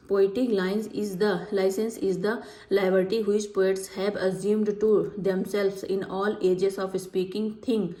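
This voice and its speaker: A woman teacher reading exam questions and options aloud in a prep lecture, then repeating each answer slowly. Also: medium pitch, a little mellow, echoey room, rough recording.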